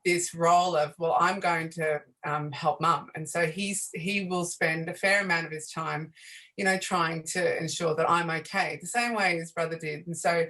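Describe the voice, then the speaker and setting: A soft-spoken woman in her forties answers interview questions in a slightly low voice. She talks hesitantly, with frequent fillers and restarts. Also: fairly even intonation, normal speed, low-quality recording. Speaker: guest, bereaved mother and author. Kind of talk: radio interview conversation.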